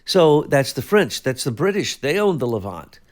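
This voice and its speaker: A man's voice: fairly high pitch, sing-song, normal speed, darkish tone. Emphatic man on a political talk show. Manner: emphatic, sweeping claims with many restarts. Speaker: co-host.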